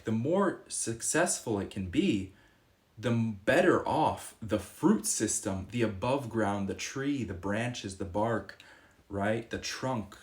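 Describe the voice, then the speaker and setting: A man's voice: fairly low pitch, darkish tone. A young man talking casually and earnestly to camera as a fitness vlogger, rambling a little and acting out quoted exchanges. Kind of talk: casual reflective monologue.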